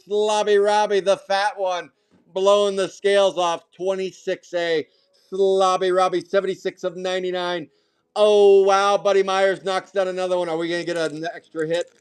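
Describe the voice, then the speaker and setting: A man hosting a live trading card break, calling out each pull and getting loudly excited over rare hits. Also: high-pitched, clear, resonant tone. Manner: hyped, shouting excitedly at big pulls.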